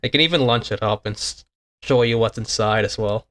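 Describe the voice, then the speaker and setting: This time the VTuber and game developer speaks at a fairly low pitch, fairly quickly, with a bit of brightness. He's casually showing off his own games on stream, laughing often, repeating himself, and drifting off mid-sentence as he comments.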